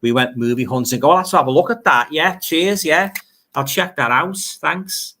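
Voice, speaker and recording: Liverpool guy rambling on a livestream, reading comments, bright voice, says stuff twice. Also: on the high side, normal speed. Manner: rambling, repeats words, chatty asides. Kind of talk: casual livestream chat.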